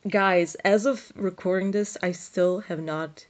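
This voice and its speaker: A woman's voice: fairly low pitch, fairly even intonation, unhurried. A woman giving a casual, exasperated book review with a dry throat, recorded on a tablet without a microphone. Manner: exasperated, rambling, self-mocking. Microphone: built-in tablet mic, no microphone.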